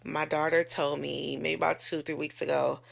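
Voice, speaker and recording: Woman vlogger, lowish voice, vocal fry, candid and profane, casual storytelling. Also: flat delivery, moderate pace. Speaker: nurse and vlogger.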